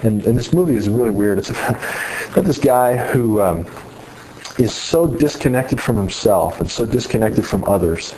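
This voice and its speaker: A man's voice: on the low side, lively intonation, normal speed, a little mellow, slight background noise, poor audio. A man giving an earnest sermon-style talk to students, retelling a story with many restarts. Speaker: speaker addressing students on faith.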